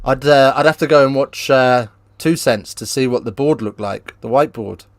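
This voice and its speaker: A man hosting a live rugby watchalong, chatting casually with viewers and breaking into excited play-by-play. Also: mid-range voice, moderate pace, no echo. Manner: casual, banters with live chat, lifts into excited play-by-play on tries. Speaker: watchalong host. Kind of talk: live watchalong commentary and chat.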